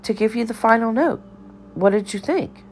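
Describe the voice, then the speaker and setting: A woman's voice: a little high, normal speed, darkish tone, a little hiss or hum, pitched above the performer's own voice, close to an everyday voice. Woman putting on a cackling, bossy old cafeteria lady. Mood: playful, scolding. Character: eccentric cryptic older cafeteria woman, bossy.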